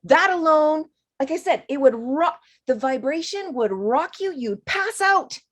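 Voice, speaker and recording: Woman, spiritual course teacher, chatty, expressive, acts out voices, slightly high voice. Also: a little slow.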